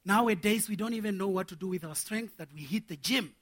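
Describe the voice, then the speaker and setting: Bright, high-voiced preacher. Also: male voice, brisk. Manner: animated, laughing, acts out little scenes. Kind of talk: sermon to men.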